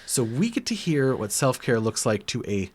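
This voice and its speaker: A man's voice: mid-range voice, sing-song, moderate pace, a little mellow, husky. A young man co-hosting a podcast in casual, rambling chat, self-deprecating and often restarting his sentences. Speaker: podcast co-host.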